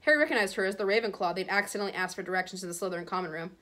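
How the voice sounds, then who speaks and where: A woman teacher reads a chapter aloud to her class in a steady storybook voice. Her voice sits at an ordinary middle pitch. She trips over a word now and then and calmly goes back to correct it. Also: racing. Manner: steady, with small stumbles and self-corrections. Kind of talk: reading a novel aloud.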